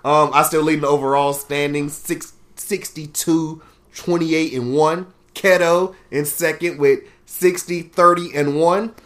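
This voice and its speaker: A man's voice: on the high side, steady tone, measured pace, fairly bright tone. A young man hosting a casual sports podcast with friends, profane and trash-talking. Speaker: podcast host.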